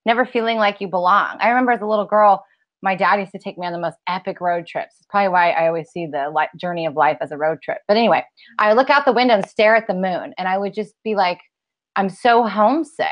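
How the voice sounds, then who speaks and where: A woman's voice: medium pitch, fast talker. Playful woman, slightly muffled audio. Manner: playful, laughing, acts out voices in her stories. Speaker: guest, spiritual teacher. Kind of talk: casual spiritual conversation.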